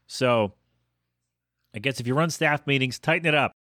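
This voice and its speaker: A man in his thirties hosting his own podcast, rambling quickly and cutting himself off mid-sentence. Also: mid-range voice, fairly bright tone, no echo, clean studio sound. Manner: fast, self-interrupting, chatty. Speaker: podcast host. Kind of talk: rambling solo podcast monologue.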